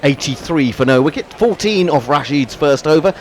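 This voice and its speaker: A man calls a cricket match ball by ball in an animated, up-and-down voice and drops wry asides between deliveries. Faint traffic noise from outdoors sits behind him. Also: on the high side, normal speed. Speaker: cricket commentator. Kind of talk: ball-by-ball radio commentary.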